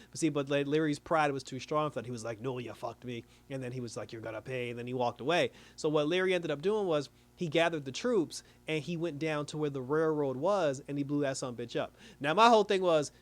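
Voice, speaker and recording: A man reviewing a TV episode in casual recap commentary, animated, laughing often and dropping his voice low to mimic characters. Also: no echo. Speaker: TV show reviewer.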